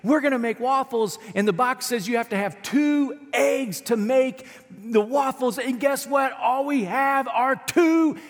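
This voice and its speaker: An eager, breathless little girl, as a male preacher puts her on, her high voice pitched well above his own. The words ring out with a long hall reverb behind them. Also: measured pace. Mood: excited. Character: excited seven-year-old girl, eager. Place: church sanctuary.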